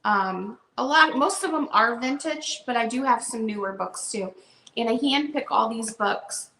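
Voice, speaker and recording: Woman, bookseller host, casual live-sale patter, fairly high voice, roomy sound. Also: bright, forceful tone. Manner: casual, chatty, unhurried. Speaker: online bookseller. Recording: roomy echo.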